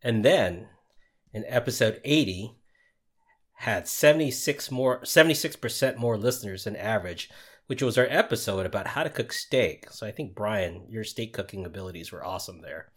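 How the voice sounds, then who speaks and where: A man's voice: fairly low pitch, lively intonation, moderate pace, a bit bright, husky. A man with a Southern US accent co-hosting a podcast, chatting casually and joking. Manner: jokey, laughs easily. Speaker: podcast co-host. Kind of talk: casual chat.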